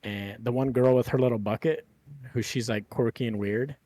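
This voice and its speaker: A man's voice: mid-range voice, fairly even intonation, moderate pace, warm tone, no room sound. A man hosting a podcast, chatting casually in a rambling way with lots of fillers and swearing. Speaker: podcast host.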